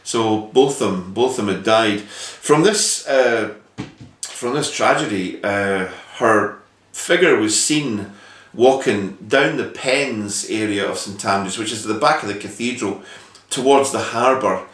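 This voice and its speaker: A man's voice: on the low side, unhurried, a bit bright. A man hosting a ghost-story show, telling the tale and interviewing with many hesitations and restarts. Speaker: host. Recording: roomy sound from a distance.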